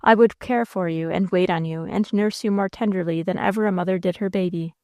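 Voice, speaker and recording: An ardent young suitor from an old romance pleads with emphatic devotion, as a woman narrator voices him. The voice is smooth and clear, and the sound is close and dry. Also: lowish voice, fairly even intonation, a little fast, darkish tone, no echo, muffled recording, lightly acted. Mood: tender, pleading.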